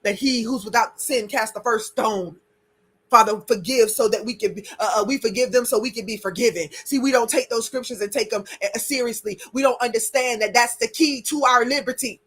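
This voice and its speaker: A woman hosting a faith podcast, leading listeners through breathing and forgiveness with fervent, repetitive chanted phrases that swell to near-shouts. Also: on the high side, a little fast, husky. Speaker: podcast host. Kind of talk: impassioned spiritual guidance.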